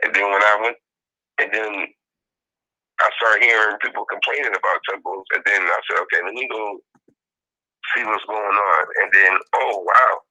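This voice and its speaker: Bright-voiced man in casual commentary. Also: fairly low pitch, moderate pace, long pauses, low-quality recording. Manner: animated, repeats points, mimics quotes. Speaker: podcast co-host.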